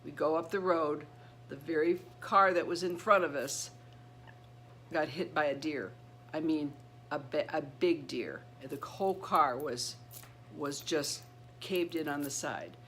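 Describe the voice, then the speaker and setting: A middle-aged woman telling a personal story to her channel. She speaks earnestly and haltingly, with many restarts and repeated words. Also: low-pitched, fairly bright tone, a little hiss or hum. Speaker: channel host.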